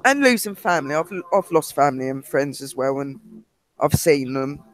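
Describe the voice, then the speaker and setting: A British man and paranormal investigator, casually telling a ghost story in an animated way and acting out the quotes. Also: a little high, normal speed.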